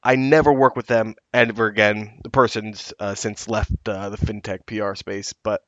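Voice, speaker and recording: Animated male podcast co-host. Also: on the low side, moderate pace, dry recording, lo-fi sound. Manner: animated storyteller, acts out quotes. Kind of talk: casual podcast chat.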